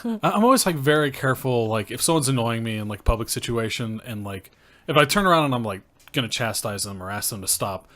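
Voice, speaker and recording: A man co-hosting a casual chat, joking about himself and laughing in high bursts. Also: animated, fast talker, fairly bright tone. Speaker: podcast co-host. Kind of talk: casual post-show chat. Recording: noisy audio.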